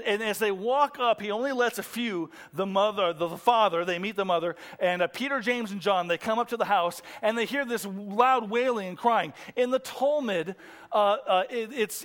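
A man preaching a sermon in a church, swinging from excited emphasis to hushed intensity. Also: high voice. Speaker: pastor. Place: church room.

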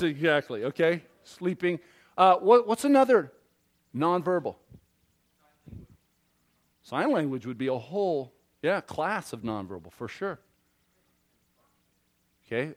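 A man preaching a sermon, animated and interactive, quizzing the congregation and acting out little scenes. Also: fairly high pitch, unhurried, long pauses. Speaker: pastor.

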